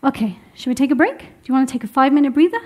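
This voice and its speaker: Young woman workshop teacher, high voice, upbeat and encouraging with a room of students. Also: rapid-fire. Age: young adult. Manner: lively, encouraging, laughs often. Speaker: womb health teacher. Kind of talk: workshop teaching to a live group. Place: room with a seated group.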